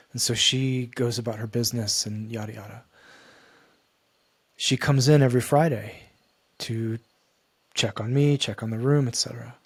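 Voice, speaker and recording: A man, a guest on a podcast, telling a personal story in an earnest, halting way that repeats and restarts phrases. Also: mid-range voice, husky, dry recording. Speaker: guest, men's coach.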